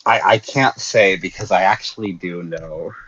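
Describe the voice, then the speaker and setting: A very deep-voiced American man with a husky, breathy edge rambles through a casual livestream chat, padding every thought with "like". The audio is dull and lo-fi. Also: normal speed, a bit bright. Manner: rambling, heavy use of "like" and restarts.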